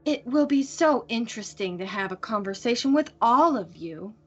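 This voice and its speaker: A woman's voice: a little high, expressive, moderate pace, a bit bright, breathy edge, highs cut off, soft background music. A woman voicing a sly female captive who speaks in a silky, mocking way.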